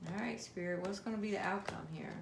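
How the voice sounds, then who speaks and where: With a gravelly mid-range voice and a fast pace, a tarot card reader chats directly with her viewers during a casual reading. She poses questions to spirit aloud, and the echoey room has steady background noise.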